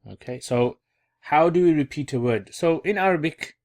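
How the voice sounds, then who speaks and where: A man with a slightly high, slightly mellow voice teaches Arabic grammar online at a normal speed. His manner is casual, and he repeats key terms while thinking aloud through his explanations.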